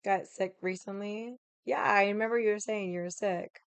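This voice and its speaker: A woman's voice: mid-range voice, steady tone, normal speed, clean tone, no room sound. A woman livestreaming from home, casually telling a story to her chat, full of fillers and swearing. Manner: chatty, swears a lot, many fillers. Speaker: livestream host. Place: home room.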